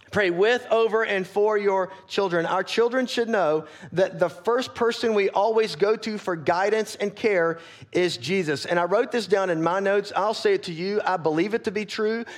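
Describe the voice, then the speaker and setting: A man preaching a sermon as pastor, earnest and candid, often checking in with his listeners and growing soft and quiet when he gets personal. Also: high-pitched. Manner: earnest, candid, asks the congregation for agreement.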